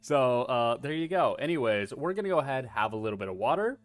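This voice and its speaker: A man's voice: medium pitch, animated, fast, no room sound. A man streaming a video game, chatting casually in a rambling, self-deprecating way and swearing freely. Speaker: VTuber streamer.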